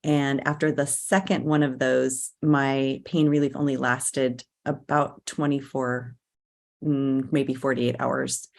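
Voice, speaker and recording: A woman's voice: rumbling low, level tone, takes it slowly, creaky. A middle-aged woman in a casual interview, telling a personal story and now and then acting out other people's lines. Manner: personal storytelling, acts out quoted voices, laughs between phrases. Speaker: guest, nurse and life coach.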